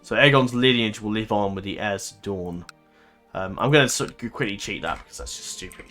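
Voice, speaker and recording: A man's voice: on the low side, a little fast, sharp tone, faint music behind. A man giving casual let's-play commentary, thinking aloud in a rambling way, swearing and laughing easily. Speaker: gaming commentator.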